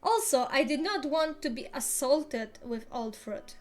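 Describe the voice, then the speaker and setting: High-voiced woman reading a novel aloud. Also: expressive, measured pace. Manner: playful, theatrical first-person reading. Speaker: reader.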